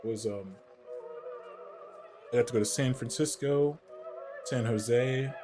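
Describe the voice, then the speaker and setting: A man from the American Midwest chatting casually while he streams a game, answering his chat's questions out loud. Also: medium pitch, takes it slowly, over music. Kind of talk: casual gameplay commentary.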